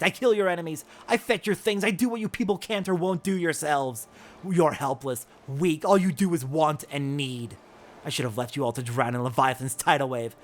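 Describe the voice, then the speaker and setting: A woman's voice: lowish voice, pitched above the performer's own voice, lightly acted. A man voicing a young woman warrior who unloads a bitter, contemptuous tirade.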